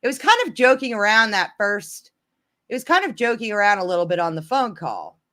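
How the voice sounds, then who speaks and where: A woman's voice: medium pitch, sing-song, fairly quick, pushed and bright. A woman chatting casually to her viewers, telling a story in a rambling way, with many restarts.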